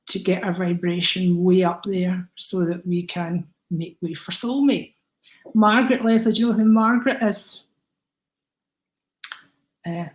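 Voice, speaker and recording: A woman doing a live-stream card reading, chatty and affectionate, calling viewers by name. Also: medium pitch. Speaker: psychic card reader. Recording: echoey room.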